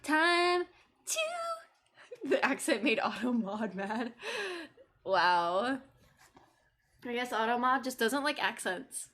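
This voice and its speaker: A woman's voice: a little high, slow pace, fairly bright tone. Crude, joking woman streamer. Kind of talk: casual game commentary.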